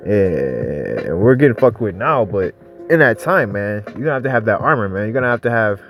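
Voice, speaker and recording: Young male street preacher, lowish voice, loose and profane, faint music underneath. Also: sing-song, normal speed, a bit bright. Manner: rambling, profane, street talk with constant "man". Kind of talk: informal religious teaching.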